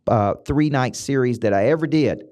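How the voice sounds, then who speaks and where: A middle-aged man with a Southern US accent, hosting a motivational podcast as a business coach, talking emphatically and repeating himself, with sudden upward jumps in pitch. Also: moderate pace, a little mellow.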